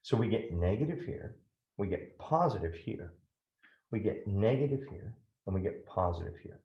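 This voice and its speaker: A man's voice: on the low side, expressive, moderate pace, echoey room, dull audio. A man teaching a math lesson step by step, often checking in with "right?".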